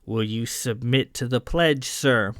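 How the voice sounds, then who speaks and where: A man voicing a haughty, unpleasant male fleet adjutant who speaks in a slow drawl. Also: mid-range voice, a bit bright, no room sound, studio quality, lightly acted. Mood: haughty formal.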